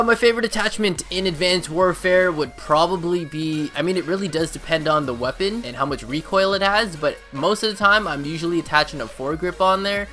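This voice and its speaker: Bright-voiced young Canadian man, rambling. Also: a little high. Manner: rambling, many fillers and restarts. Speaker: YouTuber answering viewer questions. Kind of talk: casual Q&A chat.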